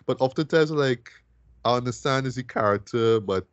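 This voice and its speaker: A man's voice: mid-range voice, normal speed, clear, resonant tone, muffled recording. A man co-hosting a podcast film review in casual chat, ending many phrases with "right?" and often restarting words.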